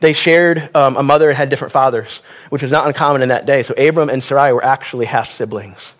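A man's voice: mid-range voice, fairly even intonation, fast talker. A man preaching a sermon in a conversational style, with wry asides and questions to the congregation.

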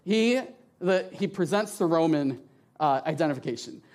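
At a moderate pace, in a voice that sits a little high, a man gives a slide-supported sermon in a church through a handheld mic. He's animated and chatty, often adding "right?" to his lines and performing the voices of whoever he quotes.

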